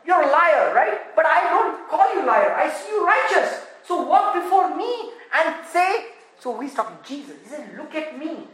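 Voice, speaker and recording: High-voiced Indian-accented woman preaching in an echoey hall. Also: sing-song, normal speed. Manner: impassioned, swings from loud exclaiming to hushed murmuring. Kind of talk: sermon. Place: church in Texas.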